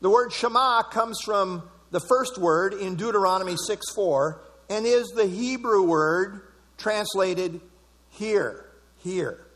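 A man's voice: sits high, a little slow, fairly bright tone. A man preaching an expository sermon, emphatic and repeating key words for stress. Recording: long hall reverb.

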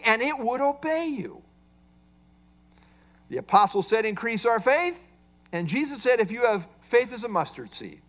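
A man's voice: extremely high pitch, a bit bright. A man preaching an expository sermon, explaining a Bible passage and asking rhetorical questions. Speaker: pastor.

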